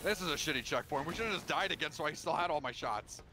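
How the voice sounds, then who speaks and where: A man chatting as a co-op gaming partner, excitable and swearing freely. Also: fairly high pitch, fast talker, faint music behind. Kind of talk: casual co-op gameplay chat.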